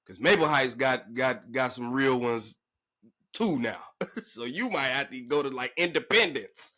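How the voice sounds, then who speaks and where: A man ranting to camera in a sports vlog, emphatic and slangy, his pitch jumping up when he gets worked up. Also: animated, measured pace, sharp tone. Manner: emphatic, slangy, calling the listener "bruh" and "big dog". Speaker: sports vlogger.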